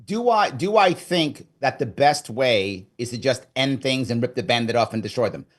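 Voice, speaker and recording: A middle-aged man from New York, a guest in a casual interview, telling his story in an animated way and acting out his own past thoughts. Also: mid-range voice, normal speed. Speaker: guest, former governor candidate.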